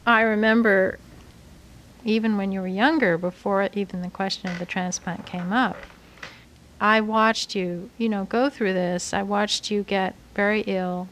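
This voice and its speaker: A middle-aged woman, a mother speaking to her daughter, slow and soft and searching for words. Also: medium pitch, fairly even intonation, slight background noise, low-quality recording. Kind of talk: personal storytelling interview.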